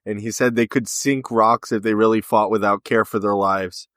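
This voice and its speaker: A low-pitched man co-hosts a podcast in easy conversational recap mode. He walks through each scene and slips into the characters' lines as he goes. The sound is dry and close, with no room around it. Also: fairly even intonation, moderate pace, few pauses, fairly bright tone, no room sound. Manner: retells scenes with quoted dialogue. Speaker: podcast co-host. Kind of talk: casual recap chat.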